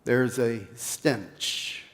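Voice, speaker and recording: Slow-preaching pastor with a Pennsylvania accent. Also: male voice, mid-range voice, steady tone. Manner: slow, guided-imagery storytelling that swells loud then drops to a hush. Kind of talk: sermon.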